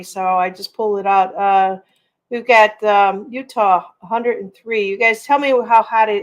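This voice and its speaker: A woman's voice: medium pitch, steady tone, normal speed, dull audio. A middle-aged woman hosting a casual livestream, rambling and reading out viewer comments. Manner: rambling, chatty, reads viewer comments aloud. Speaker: livestream host.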